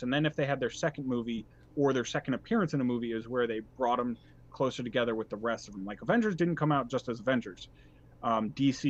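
A man co-hosts a podcast, chatting casually in an enthusiastic, rambling way and restarting himself often. His voice is medium in pitch, and the recording has its highs cut off.

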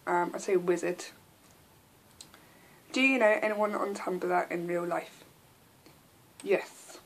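A woman's voice: lowish voice, steady tone, slow pace. A young English woman in her twenties, chatting casually to camera with frequent ums and little laughs. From England. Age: 20s. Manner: chatty, giggly, lots of ums. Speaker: vlogger.

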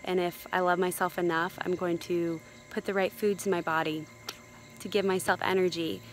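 A woman's voice: lowish voice, level tone, moderate pace, a little hiss or hum, poor audio. A woman who attended a retreat, giving an upbeat, reflective testimonial. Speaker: retreat guest.

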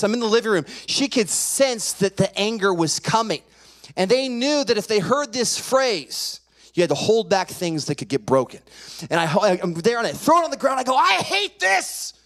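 Pastor, male, storytelling sermon, slightly high voice with lively swings in pitch. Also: moderate pace. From California. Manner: animated storyteller acting out voices. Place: church sanctuary.

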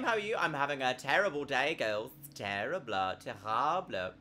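A woman's voice: sits low, very animated, normal speed, bright, forceful tone, a little hiss or hum. A woman in her thirties streaming a horror game from home at a desk microphone, chatting casually and giggling, with big swoops in her voice. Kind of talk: casual live-stream commentary.

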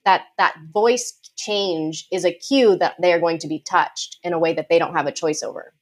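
Confident woman explaining dog behavior. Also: fairly low pitch. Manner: confident, explanatory, quick asides with light laughs. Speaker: dog behavior consultant guest. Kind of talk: podcast interview, explaining.

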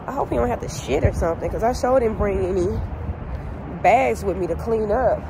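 A woman chatting casually to her vlog camera outdoors at a park while she walks her dog, ranting in slangy, animated talk. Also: mid-range voice, fairly quick, gravelly, background noise. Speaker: family vlogger.

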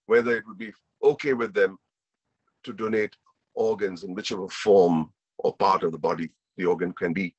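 A man's voice: mid-range voice, slightly rough, no echo. A man with an Indian English accent telling a personal story as a guest speaker, earnest and emotional, often repeating himself.

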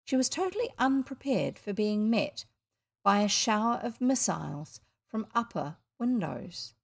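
A woman's voice: mid-range voice, very animated, creaky. New woman reading a storybook aloud. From New Zealand. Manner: unhurried, chatty asides between chapters. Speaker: reader. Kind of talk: reading a children's book aloud with asides.

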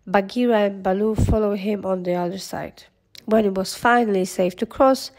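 A woman reads a children's storybook aloud in a gentle, measured way. She takes her time, with a very slow pace and an ordinary middle pitch. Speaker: narrator.

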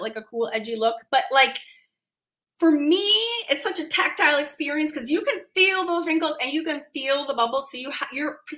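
A woman's voice: sits high, sharp tone. A woman art teacher on a live stream, chatty and emphatic, laughing often and reacting to viewer comments.

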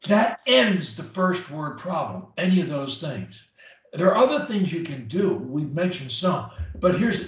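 A man coaching a client one-on-one through speech drills, emphatic and demonstrating each drill aloud. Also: on the high side. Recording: very echoey room, mic at a distance.

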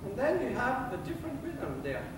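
A man coaching a violin masterclass, halting and restarting, counting rhythms aloud with sung syllables. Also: very high-pitched, huge pitch swings, over loud music. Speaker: violin teacher. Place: music school classroom. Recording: echoey room from far off, violin playing.

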